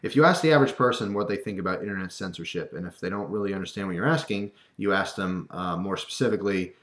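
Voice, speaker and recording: A man with a somewhat low voice delivers a casual, animated rant to the camera. He throws in wry asides and slips into quoted voices. The room around him is echoey. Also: quick pace, hardly any pauses.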